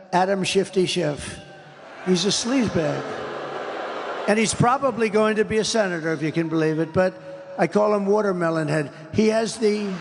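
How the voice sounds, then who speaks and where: A man's voice: high voice, in a large hall, noisy background. An older man giving an interview, talking in an emphatic, repetitive, rambling way. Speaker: interview guest. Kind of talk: interview conversation.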